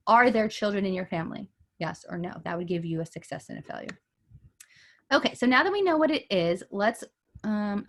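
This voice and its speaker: A woman math teacher recording a lesson from her bedroom, casual and thinking aloud with frequent ums. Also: medium pitch.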